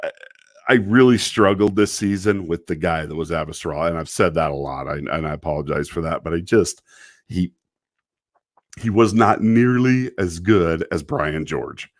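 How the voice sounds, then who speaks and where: A man's voice: low voice, moderate pace, dry recording, clean studio sound. A man casually reviewing a TV episode on a live stream, rambling, often breaking into laughter and apologizing. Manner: quotes characters in mock voices.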